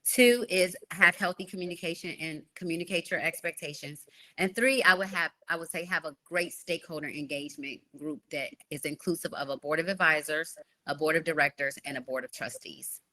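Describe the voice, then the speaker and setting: A woman's voice: low voice, brisk. A woman in her forties, a guest author explaining her ideas in a podcast interview, often checking in with "right?". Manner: animated, explains with repeated "right?".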